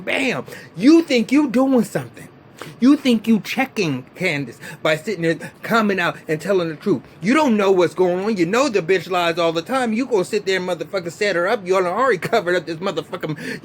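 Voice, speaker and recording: A man with a fairly high voice rants through a TV episode review, swearing freely and sounding exasperated. His pitch swings widely as he gets worked up. A faint hiss of noise sits under the recording. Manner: animated, profane, exasperated ranting. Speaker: TV show reviewer. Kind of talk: casual vlog review.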